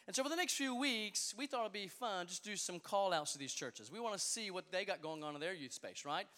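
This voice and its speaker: A man's voice: sits high, expressive, a little fast, sharp tone, big-room sound. A man leading a youth service, joking and hyping up the crowd in a playful, upbeat way. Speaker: youth pastor. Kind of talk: energetic crowd hype talk. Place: large hall with a live youth audience.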